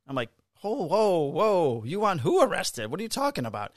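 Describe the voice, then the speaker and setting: A man's voice: fairly high pitch, big pitch swings, normal speed, no room sound, studio quality. A middle-aged man on a podcast, casually telling a work story, swearing freely and acting out the people he quotes in a raised voice. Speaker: podcast co-host, police officer.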